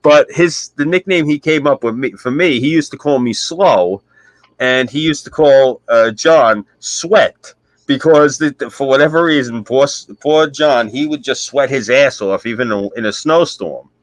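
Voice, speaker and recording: A man's voice: mid-range voice, normal speed, no echo, poor audio. A man with a New York accent telling stories in a brash, profane way on a casual stream. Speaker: stream host. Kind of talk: casual chat.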